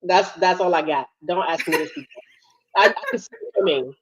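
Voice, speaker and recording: A woman's voice: on the low side, normal speed, slightly rough. Chatty woman from Ghana, a bit sick. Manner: chatty, laughs often, swears casually. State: sick, struggling. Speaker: co-host. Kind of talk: casual livestream chat. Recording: dull lo-fi sound.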